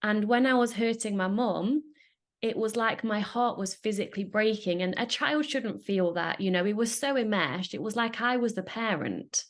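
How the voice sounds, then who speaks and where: A woman's voice: mid-range voice, normal speed. A woman host telling a personal story in an earnest, emotional way. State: getting emotional. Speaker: podcast host.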